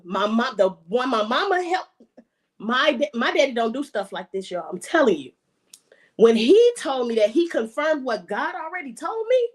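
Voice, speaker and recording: A woman with a high, bright-sitting voice tells a personal story of faith in a casual podcast conversation. She is emphatic and often says a line twice to drive it home. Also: very animated, moderate pace. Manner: emphatic, repeats phrases for emphasis.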